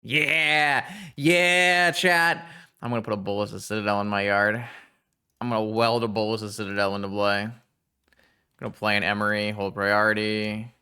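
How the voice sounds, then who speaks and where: Streamer dude chatting to his viewers while he plays, bright crisp voice, gets excited fast. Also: lowish voice. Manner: chatty, excitable, thinks aloud and talks to chat. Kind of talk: live-stream gameplay commentary.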